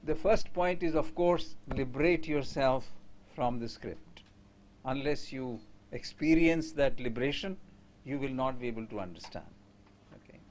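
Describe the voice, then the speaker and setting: A man's voice: medium pitch, normal speed, darkish tone, slight background noise. A man giving a conversational lecture to teachers and asking the audience questions.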